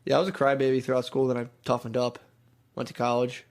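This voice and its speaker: A man co-hosting a podcast in casual chat, telling stories animatedly and acting out his younger self in whiny high voices. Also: completely flat delivery, fast talker. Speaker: podcast co-host.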